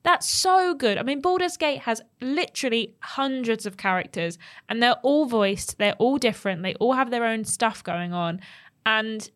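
A woman co-hosting a gaming podcast, chatting enthusiastically and agreeing warmly. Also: a little high, lively intonation, normal speed. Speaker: podcast co-host. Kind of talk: casual chat.

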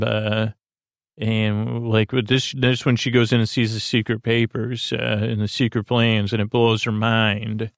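A man's voice: medium pitch, flat delivery, unhurried, vocal fry, no room sound. A man hosting a sleep podcast, casually retelling a story in a meandering way full of "uh" and "like". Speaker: podcast host.

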